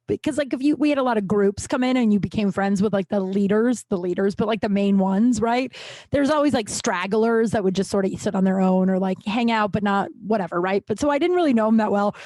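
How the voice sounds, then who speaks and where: A woman hosting her podcast, telling old workplace stories in a rambling, profane, animated way. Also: dry recording. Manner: profane, rambling, animated, with sudden jumps in pitch. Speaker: podcast host. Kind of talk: casual storytelling monologue.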